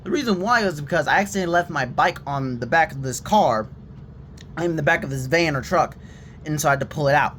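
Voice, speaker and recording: A young man telling a story to his viewers in a casual, expressive rant. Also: on the high side, a little fast, a little hiss or hum. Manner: animated and expressive, drops to a quiet shaky voice when reenacting himself. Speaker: vlogger.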